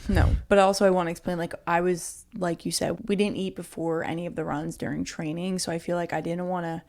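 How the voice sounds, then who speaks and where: A young woman with a lowish, gravelly voice talks casually as a podcast co-host. Her speech is loose and chatty, full of "like" fillers, and she often breaks into small giggles. The tone stays relaxed and conversational. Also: fairly quick. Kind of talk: casual chat.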